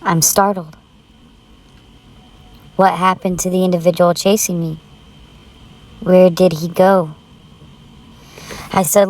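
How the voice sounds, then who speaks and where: Woman storyteller, lowish voice, unhurried dramatic first-person horror read, urgent tone. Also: little pitch movement, darkish tone. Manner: tense, urgent retelling.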